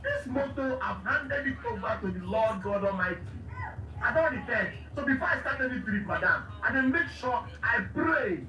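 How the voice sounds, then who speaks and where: A man's voice: very high voice, expressive, normal speed, pushed and bright, slight background noise. A man speaking Nigerian Pidgin English as a preachy, pleading driver in a comedy skit. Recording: roomy, far from mic, music behind.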